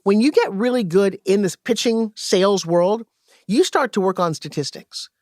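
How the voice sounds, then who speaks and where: Animated woman telling sales stories. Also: mid-range voice, normal speed, no echo, studio quality. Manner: animated, acts out quoted dialogue. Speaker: guest, sales coach. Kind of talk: podcast interview storytelling.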